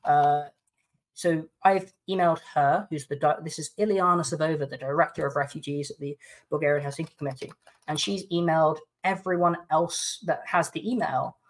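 A man's voice: fairly high pitch, fairly even intonation, moderate pace. A man from the UK, a podcast guest who indignantly recounts a personal dispute and reads out emails aloud.

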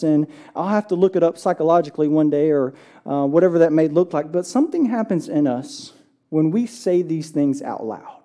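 Pastor for a relaxed church sermon: mellow tone, chatty delivery, slow deliberate scripture reading. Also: mid-range voice. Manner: conversational, often checks in with "right?"; reads scripture slowly and deliberately.

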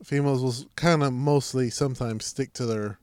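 A man's voice: medium pitch, fairly even intonation, a little mellow, smooth, no echo. A man co-hosting a podcast, swearing and laughing through crude casual banter, often breaking off halfway through a thought. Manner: profane, laughing, halting interjections. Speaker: podcast co-host.

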